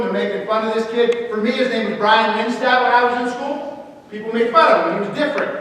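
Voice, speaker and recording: Animated high-voiced man in an echoing gym. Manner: animated, calls out to the audience, acts out kids' voices. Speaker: school assembly speaker. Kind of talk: energetic motivational talk to students. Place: large school gym or auditorium. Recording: echoey hall recorded from far off.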